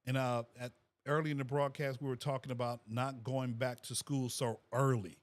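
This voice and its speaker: A middle-aged man, a fifth grade teacher, hosting a casual livestream and reading viewers' comments aloud in a relaxed way, repeating phrases and laughing often. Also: medium pitch, moderate pace. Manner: laid-back, repeats himself, frequent laughs.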